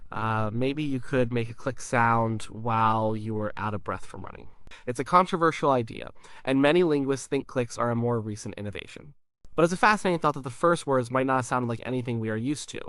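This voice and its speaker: A man reads an educational explainer in a measured, scripted way. His voice sits at an ordinary middle pitch. The recording is dry and close, with no room sound. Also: no room sound. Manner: explains calmly, sounds out syllables as examples. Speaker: narrator.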